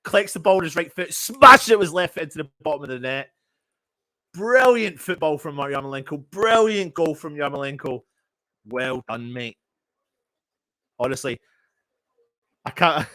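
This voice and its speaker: A young man giving excitable, emotional fan play-by-play during a live match watchalong. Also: fairly high pitch, unhurried, pauses often, no room sound. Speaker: fan commentator.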